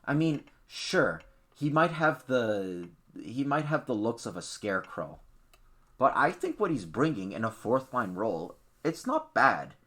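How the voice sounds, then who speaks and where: A man hosting a sports podcast who rants bluntly about the topics he cares about. His voice is bright and sharp, and his pitch swings up and down a lot as he talks. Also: unhurried. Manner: ranting, blunt, lively. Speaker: podcast host. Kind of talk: opinionated casual podcast talk.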